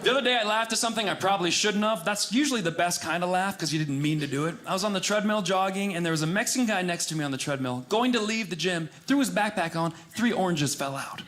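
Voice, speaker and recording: A man's voice: sits high, fast talker, few pauses. A man performing a stand-up comedy set, telling a story and acting out the people in it. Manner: animated storytelling, acts out quotes. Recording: club clip with audience noise.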